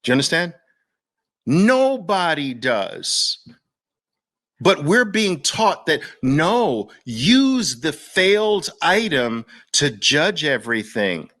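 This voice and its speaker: A man from Brooklyn with a New York accent speaks straight to his viewers in a fervent, preachy monologue. His voice sits somewhat high, and he drives his point home through repeated rhetorical questions and long lists. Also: sing-song, takes it slowly, bright, forceful tone. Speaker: host.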